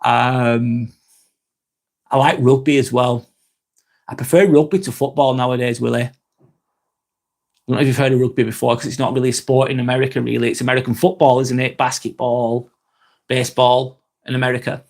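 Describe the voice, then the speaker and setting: A man's voice: medium pitch, level tone, brisk, pauses often, a little mellow. Broad Lancashire man chatting live. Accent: Lancashire English. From Northwest England. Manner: chatty and swears freely. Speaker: live vlog host. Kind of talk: casual live-stream chat reading out comments.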